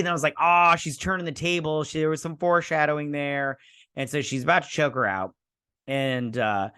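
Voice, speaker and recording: A man's voice: medium pitch, fairly bright tone, no room sound. Rambling sarcastic man, dry sound. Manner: rambling, sarcastic, many fillers and restarts. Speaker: show reviewer host. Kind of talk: casual episode recap and review.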